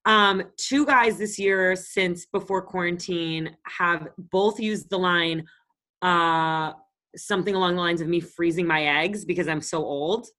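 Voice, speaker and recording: A woman's voice: on the low side, unhurried, a bit bright. A woman in her late twenties, co-hosting a podcast in casual chat, telling stories in a blunt, profane, confident way. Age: late 20s. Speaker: podcast co-host. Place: Los Angeles.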